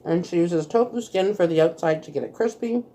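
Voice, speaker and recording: A woman's voice: fairly low pitch, a little fast, warm tone. A woman hosting a casual eating vlog, chatting while she eats and laughing often. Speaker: vlog host. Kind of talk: casual mukbang chat.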